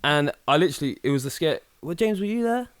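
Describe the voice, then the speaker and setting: A young man tells stories to a friend in easy, profane chat. His voice sits slightly high and swings widely as he acts out the people in his tales. The sound is dry and close. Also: fast talker, clear, resonant tone, no echo. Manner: animated storyteller, acts out voices, swears freely. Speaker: podcast co-host. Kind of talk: casual chat.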